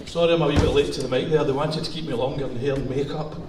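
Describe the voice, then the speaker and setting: A man's voice: a little high, fairly even intonation, very fast, heavy background noise. A middle-aged man with a Glaswegian Scottish accent, doing stand-up comedy with bawdy, swearing stories in a music hall. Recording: roomy hall from far off.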